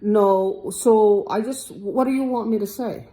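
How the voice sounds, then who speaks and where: A woman's voice: medium pitch, measured pace, dark tone. A woman talking in a loose, rambling monologue, often repeating herself and restarting. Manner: repetitive, rambling, restarts a lot. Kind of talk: casual monologue to camera.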